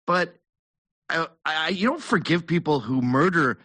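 A man's voice: fairly high pitch, lively intonation, measured pace, bright, forceful tone, dry recording. A man hosting a casual chat, talking bluntly and emphatically, often with mockery.

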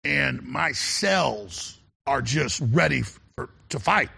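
A man's voice: medium pitch, lively intonation, takes it slowly, sharp tone. A middle-aged man hosting a talk radio show, speaking in an urgent, intense monologue and often stammering and repeating words as he restarts. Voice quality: gravelly, husky voice.

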